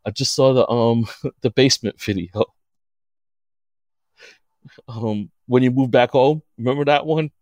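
A man's voice: medium pitch, a little slow, pauses often, no echo, studio quality. A man on a podcast as the guest, telling stories in casual chat and acting out what others said in a raised voice. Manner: animated storyteller, acts out quotes in a raised voice.

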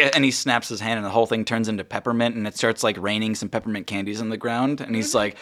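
A man's voice: lowish voice, steady tone, quick pace, hardly any pauses, sharp tone. A man narrating a tabletop game as game master, chatty and full of fillers.

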